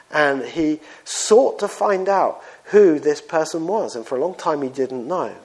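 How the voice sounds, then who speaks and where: A man preaching a sermon in a conversational, storytelling style, often pausing with fillers. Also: on the high side, animated, a little mellow, husky.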